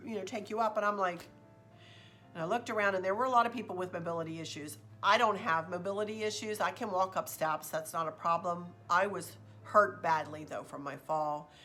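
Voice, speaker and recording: A woman telling a story in a chatty, expressive vlog. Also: fairly low pitch, fairly quick, faint music behind. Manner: chatty, expressive, says "y'all". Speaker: vlogger.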